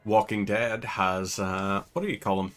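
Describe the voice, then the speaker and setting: A man's voice: fairly low pitch, steady tone, normal speed, fairly bright tone. A man with a Northern Irish accent giving casual, rambling gameplay commentary as a channel host. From Northern Ireland. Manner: chatty, rambling digressions.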